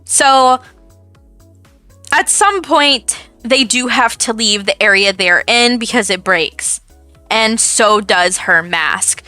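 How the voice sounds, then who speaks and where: A woman's voice: a little high, slow, bright, forceful tone, no room sound, soft background music. A young woman chatting casually as she reviews a book, gushing and repeating herself.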